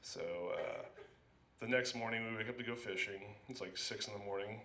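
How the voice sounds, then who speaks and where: A man doing stand-up at an open mic in a small club, telling a long story in a rambling, halting way, with many restarts and fillers, and acting out his own panicked reactions. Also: on the low side, steady tone, bright, forceful tone. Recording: echoey club room.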